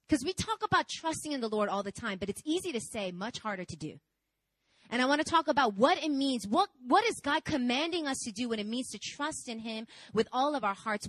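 A woman in her twenties preaching a sermon, telling a personal story in a candid, animated, conversational way. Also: fairly high pitch, no echo, low-quality recording. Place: church service.

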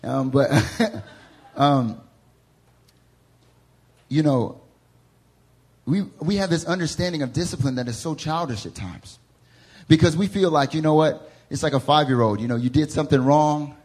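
Casting: young man, Southern accent, husky tone, lively storytelling preacher. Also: on the high side. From American South. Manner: animated, laughing storyteller, acts out voices. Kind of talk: storytelling sermon. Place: church service before a congregation.

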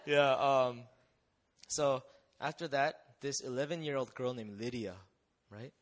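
Slowly and at medium pitch, a young man recounts his personal testimony as a missionary speaker before an audience. He talks in a lively, conversational way and keeps asking rhetorical questions.

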